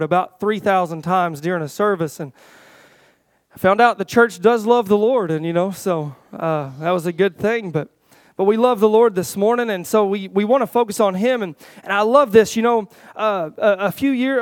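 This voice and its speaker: A man's voice: clean tone, no room sound. A man preaching a folksy sermon who often asks the church "Is that right?" and stumbles over repeated words. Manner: rises louder and higher toward the close.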